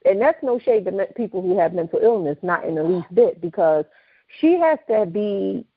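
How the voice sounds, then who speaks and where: Animated New woman telling a story. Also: mid-range voice, moderate pace, slightly rough, dry recording. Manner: animated storyteller, acts out quoted voices. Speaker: podcast co-host. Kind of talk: casual storytelling chat. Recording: dull, slightly lo-fi dry studio sound.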